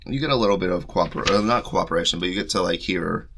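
A man casually retelling a story scene by scene and slipping into quick voiced asides as a podcast co-host. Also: low voice, a bit bright, a little hiss or hum. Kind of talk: casual book discussion.

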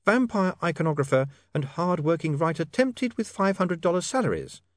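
A prim, snappish young woman reporter, as a male reader puts her on speaks in a raised, proper voice far above the reader's own. The storybook reading is dry and close, with a pitch that swings up and down. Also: sing-song, normal speed, no room sound. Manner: primly snappish.

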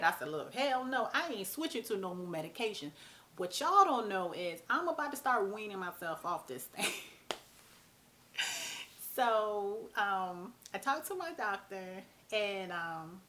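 A woman, talking casually and bluntly to camera as a vlog host. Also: medium pitch. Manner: animated, chatty, blunt, mild cursing.

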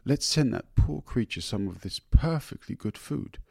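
A man's voice: mid-range voice, expressive, moderate pace, creaky, dark tone, breathy edge, dry recording, clean studio sound, pitched above the performer's own voice. A man voicing a weary, fussy middle-aged mother in a storybook reading, with an exasperated manner. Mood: brisk.

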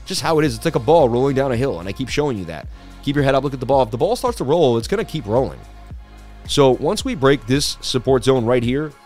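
A man's voice: medium pitch, a little mellow. Male livestream host, casual and chatty, mid-range voice, faint background music. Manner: chatty, reads viewer comments aloud. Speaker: crypto market livestream host.

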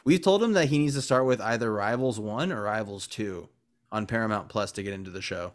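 A man's voice: on the low side, brisk. A man hosting a podcast in casual chat, rambling with lots of "like" and upbeat enthusiasm. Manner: rambling, filler-heavy, enthusiastic. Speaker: podcast host.

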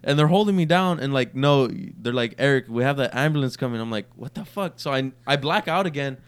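A young man with a smooth, resonant voice tells a rambling story on a podcast, swearing freely. He acts out each quoted line with lively energy. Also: medium pitch, a little fast. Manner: profane, animated storyteller acting out quotes. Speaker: podcast co-host. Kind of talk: casual storytelling.

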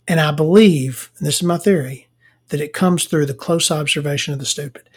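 A woman's voice: low-pitched, fairly quick, a little mellow, slightly rough. A woman, telling blunt, profane work stories to camera in a casual rant. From Southern United States. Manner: profane, blunt, laughing storyteller. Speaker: vlogger.

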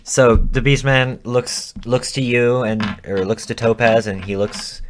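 A man narrating as game master of a tabletop role-playing game, in a casual, halting way with restarts. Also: mid-range voice, steady tone, slight background noise.

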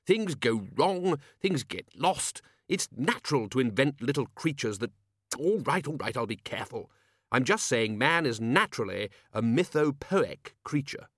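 A man voicing a blustering older male wizard head who talks loud and hearty. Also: medium pitch, big pitch swings, normal speed, no room sound, clean studio sound.

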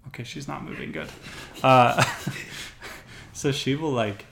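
A woman's voice: very deep voice, slow, gravelly, noisy background. A young woman hosting a podcast, chatting casually and telling stories with frequent laughter. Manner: chatty, laughs often, storytelling. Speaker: podcast host. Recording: echoey room.

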